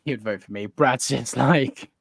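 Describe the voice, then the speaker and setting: A man's voice: medium pitch, measured pace, creaky, dry recording. Boastful swearing man, dry sound. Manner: boastful, playfully indignant, swears a lot. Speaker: podcast co-host. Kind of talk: casual chat.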